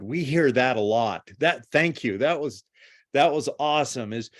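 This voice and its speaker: A man's voice: mid-range voice, moderate pace. A man with a mid-range voice hosts a group call. He keeps things conversational and hands questions off to his guests. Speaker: host and coach. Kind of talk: hosting a group video call.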